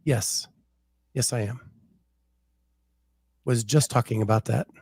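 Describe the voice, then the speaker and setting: Male podcast host, slow and easygoing casual chat, mellow tone. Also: medium pitch, vocal fry, slightly rough, no room sound. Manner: unhurried, chatty, reads names off a post.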